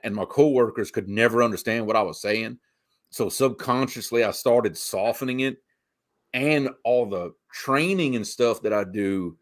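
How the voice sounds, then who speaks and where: A middle-aged man with a softened Cajun accent from south Louisiana. He co-hosts a laid-back chat, spinning stories with lively asides at an ordinary pitch. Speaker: co-host. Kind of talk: casual chat.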